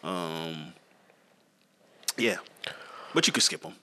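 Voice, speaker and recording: A young man co-hosting a casual chat, animated, laughing often and repeating phrases. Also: low-pitched, slow pace, slight background noise.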